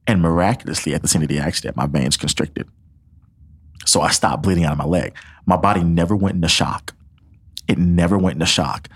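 A man's voice: low voice, a little fast, slightly rough. A young man telling a personal faith testimony as a podcast guest, earnest and emotional, acting out what others said and often laughing. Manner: earnest storytelling, acts out quotes, laughs often.

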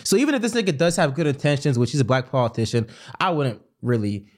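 A man's voice: medium pitch, expressive, fast. A young man co-hosting a livestream, talking casually and emphatically, repeating his points. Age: young adult. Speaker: stream co-host.

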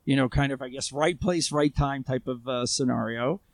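Gravelly man telling a story casually. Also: mid-range voice, moderate pace, no echo. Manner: conversational, many fillers and restarts. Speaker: guest, armed civilian responder. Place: Israel.

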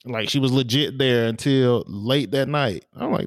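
A man co-hosting a podcast, telling stories in a relaxed, casual way with lots of fillers and restarts. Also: medium pitch, a little slow, no echo, clean studio sound. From small town in the US. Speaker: podcast co-host. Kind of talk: casual chat.

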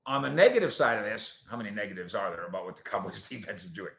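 A man hosting a sports talk show, answering viewer comments in an animated, sarcastic way that swings between loud points and quiet asides. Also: fairly low pitch, quick pace, creaky. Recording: roomy echo.

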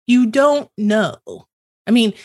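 A middle-aged woman guest on a podcast, telling stories with lively quoted dialogue. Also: on the high side, takes it slowly, dry recording, clean studio sound. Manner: animated storyteller, acts out quoted dialogue. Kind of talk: storytelling conversation.

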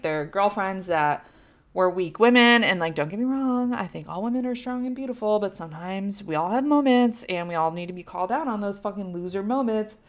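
A female podcast host with a mid-range, fairly bright voice tells stories in a loose, rambling chat. She's candid and self-deprecating, packing her talk with fillers and swearing.

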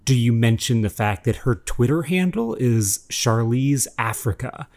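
Casual podcast guy, middle-pitched, halting and rambling. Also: animated, darkish tone. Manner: rambling, hesitant feedback. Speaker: podcast co-host. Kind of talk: comedic podcast banter.

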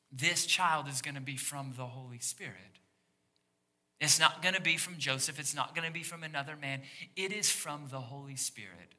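Bright-voiced man preaching slowly. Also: mid-range voice. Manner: conversational, acts out quoted voices of biblical figures. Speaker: pastor. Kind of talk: sermon. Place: church sanctuary.

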